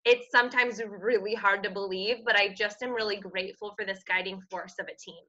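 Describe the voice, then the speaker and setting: Bright-voiced woman giving an upbeat pep talk. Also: medium pitch, steady tone, a little fast. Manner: earnest, upbeat, faith-based encouragement. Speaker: team coach. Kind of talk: motivational team talk. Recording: dull lo-fi audio.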